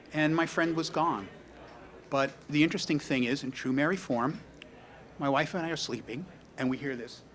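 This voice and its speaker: A man's voice: medium pitch, fairly bright tone. A middle-aged man with a New York accent giving a rambling, anecdotal eulogy full of "you know" and wry humor. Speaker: speaker at a memorial tribute. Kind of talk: storytelling eulogy.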